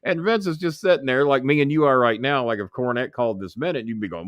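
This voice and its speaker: A man's voice: medium pitch, fast talker, no echo. A man as an interview guest, telling stories full of swearing and imitating the people in them. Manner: animated, swearing, mimics others in quotes. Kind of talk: profane anecdotal storytelling.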